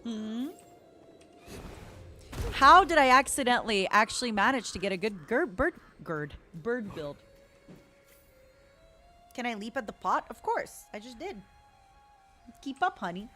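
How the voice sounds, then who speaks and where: A woman's voice: a little high, big pitch swings, a little slow, pauses often, pushed and bright, faint music behind. A woman streamer giving playful, casual commentary as she plays a game, calling her viewers honey and darling.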